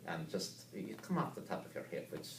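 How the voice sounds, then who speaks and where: A man's voice: low voice, big pitch swings, fairly quick, creaky, background noise. A man from the American South, a voice actor, chatting and telling anecdotes with frequent laughs. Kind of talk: casual interview. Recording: roomy, distant mic with ambience.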